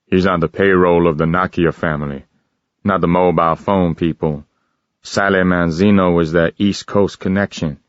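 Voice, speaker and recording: A narrator voicing a gruff male police contact who asks short, clipped questions. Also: deep voice, steady tone, normal speed, dry recording, dull audio, natural voice. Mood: terse.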